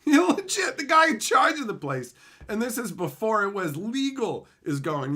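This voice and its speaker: His voice is high, pushed and bright, very animated, at normal speed. Chatting casually with stream viewers, he shares crude, blunt stories and laughs as he imitates the people involved.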